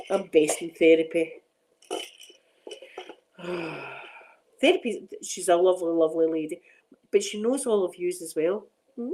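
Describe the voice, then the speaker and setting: A woman's voice: on the low side, dark tone, a little hiss or hum, rough recording. A middle-aged Scottish woman hosting a casual chat on her ASMR channel, rambling and laughing often.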